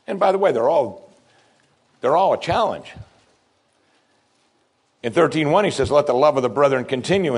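A male pastor delivering a sermon, preaching emphatically with pitch that climbs and falls. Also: breathy edge.

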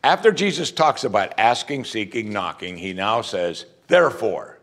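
A man preaching a sermon, animated and conversational, acting out quoted voices and jokes for the congregation. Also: lowish voice, normal speed. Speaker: pastor.

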